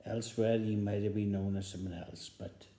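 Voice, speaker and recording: A man's voice: fairly low pitch, level tone, normal speed, mellow. A man telling a joke as a rambling story, repeating phrases for effect. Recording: roomy echo.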